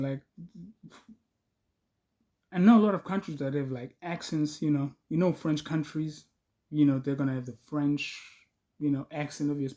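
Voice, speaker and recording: A man's voice: fairly high pitch, mellow. A man giving casual reaction commentary, rambling and filling with "you know" and "bro". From South Africa. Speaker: reaction video host.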